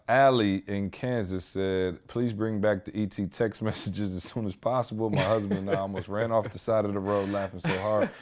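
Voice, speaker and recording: Guy hosting a podcast, kinda low voice, slangy and animated, just chatting. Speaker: podcast host. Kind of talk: casual podcast chat.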